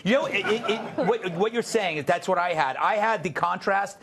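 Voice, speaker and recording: A man hosting a panel talk show, bantering quickly and laughing at his own asides. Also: sits high, crowd noise.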